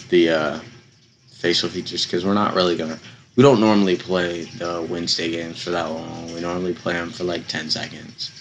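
A young man giving casual, slangy commentary while playing a video game, slightly hoarse from losing his voice. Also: deep voice, fairly bright tone. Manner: laid-back, slangy, chatty. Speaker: gaming YouTuber.

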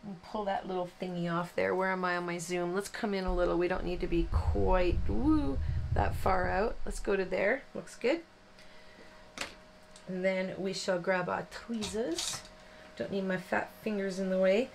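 A woman's voice: on the low side, fairly even intonation, moderate pace, gravelly, slight background noise. Chatty woman hosting a craft tutorial. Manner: chatty, rambling, self-deprecating with frequent fillers. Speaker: card-making tutorial host. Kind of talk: casual crafting demonstration.

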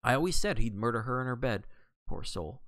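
A man reading a novel aloud, voicing a gruff, blunt middle-aged Englishwoman with a snappish, scornful manner. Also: mid-range voice, expressive, a little fast, fairly bright tone, no echo, natural voice. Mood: indignant.

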